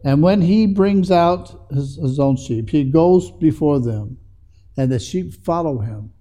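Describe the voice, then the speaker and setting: A man's voice: fairly high pitch, lively intonation, measured pace, dark tone. A man preaching a sermon in an earnest way that builds to emphatic passages.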